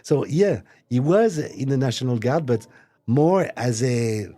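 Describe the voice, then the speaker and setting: Guy guesting on a chat show, mellow husky tone, stops and restarts a lot. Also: medium pitch, animated. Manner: hesitant, halting, repeats words. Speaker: watch brand executive, guest. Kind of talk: casual interview. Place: recording studio.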